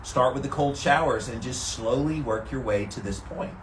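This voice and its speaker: Calm, steady-voiced man in an ice bath. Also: medium pitch, moderate pace, roomy sound, a little hiss or hum. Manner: calm and steady, relaxed despite the cold. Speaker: vlogger doing a daily ice bath challenge. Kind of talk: casual talk to camera. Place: sitting in an ice bath tank.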